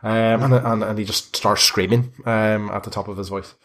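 A man narrating a tabletop game as game master, talking in a halting way with many fillers and restarts. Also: on the low side, steady tone, a bit bright.

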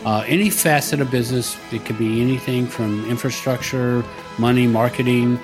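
A man's voice: mid-range voice, steady tone, moderate pace, music in the background. Older man, rambling storyteller. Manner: rambling, many restarts and fillers, chuckles now and then. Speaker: podcast guest, business coach. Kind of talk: casual storytelling.

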